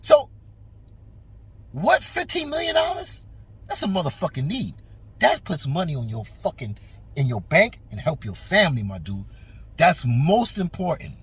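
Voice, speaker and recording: Hosting a boxing talk show, this man delivers an animated, profane rant aimed straight at the fighter. His fairly high, fairly bright voice is slightly rough, swings hugely in pitch, and moves at a moderate pace, with emphatic delivery throughout.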